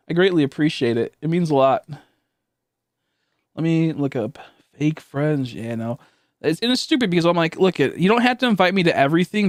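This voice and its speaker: A young man with a higher voice streams live, chatting casually and rambling with lots of swearing, fillers and restarts while thanking viewers. The recording is dry, with clean studio sound.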